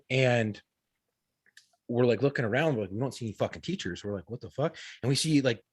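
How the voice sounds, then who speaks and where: A man's voice: medium pitch, lively intonation, a little fast, husky, no echo. A man in his thirties, a podcast co-host, telling a story in casual, profane talk full of quoted dialogue. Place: podcast studio.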